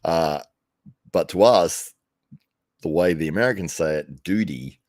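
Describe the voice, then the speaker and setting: An Australian man whose voice sits low and darkish speaks unhurriedly as he hosts a live commentary stream. He rambles in a relaxed way to viewers, breaking into laughs and restarting himself often. The audio, from a desk mic without headphones, is dry and clean like a studio.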